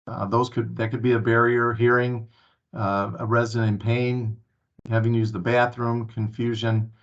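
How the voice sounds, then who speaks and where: A man's voice: medium pitch, level tone, moderate pace. A man giving a staff training presentation at a town hall meeting, earnest and full of filler sounds and restarts. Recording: muffled lo-fi recording.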